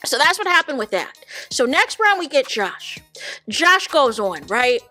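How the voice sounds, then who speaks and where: A woman with a high, bright, forceful voice recaps reality TV in a casual, animated commentary. She talks straight to her viewers, stacking repeated words for emphasis. Faint music sits low behind her. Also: a little slow. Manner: animated, addresses viewers as "y'all". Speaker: reality TV reaction host.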